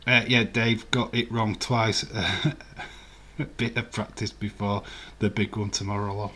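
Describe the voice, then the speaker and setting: A man's voice: on the low side, fairly even intonation, takes it slowly, sharp tone, slight background noise. A man hosting a live stream, chatting casually and rambling while he answers viewer comments and laughs often. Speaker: livestream host. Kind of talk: casual live watch-along chat.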